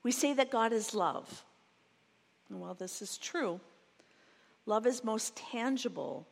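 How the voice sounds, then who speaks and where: A woman preaching a sermon in a slow, reflective way, reading a passage and then going over it again. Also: on the high side, animated, gravelly. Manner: slow, reflective, reads a quoted passage twice. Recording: long reverb of a large hall.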